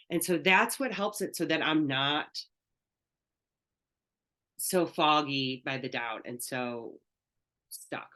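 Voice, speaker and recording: A woman's voice: low voice, slow pace, long pauses, sharp tone. A woman spiritual coach teaching an online class, talking in an earnest, candid, conversational way.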